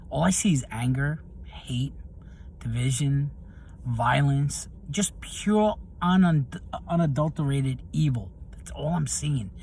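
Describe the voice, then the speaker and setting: A man's voice: mid-range voice, vocal fry, slight background noise. A middle-aged man telling personal stories in a casual monologue to camera, getting heated as he recounts what angered him. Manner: storytelling, animated when recounting anger. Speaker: video host.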